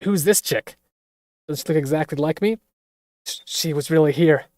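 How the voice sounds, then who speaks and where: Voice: mid-range voice, moderate pace, a little mellow, no echo, studio quality, natural voice. A streamer voicing a tough, defiant young woman in a video game, in a brash manner.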